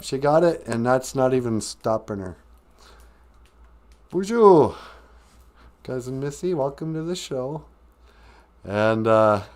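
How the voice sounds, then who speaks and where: Joking man hosting a live stream. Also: medium pitch. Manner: joking, self-mocking banter. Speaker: podcast host teaching Ojibwe words. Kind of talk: casual live-stream chat.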